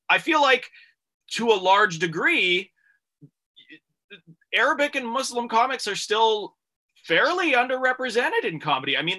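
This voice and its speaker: A male podcast co-host with a high, very bright voice. He poses rambling, filler-heavy questions to a panel of comedians in a casual chat. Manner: long, winding questions with many fillers.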